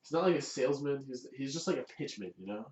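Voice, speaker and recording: A man's voice: mid-range voice, animated, fast, a little mellow. Laid-back man chatting in an echoey room. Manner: laid-back storytelling, laughs easily. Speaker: podcast co-host. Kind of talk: casual chat. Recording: roomy, distant, dull, faint hiss.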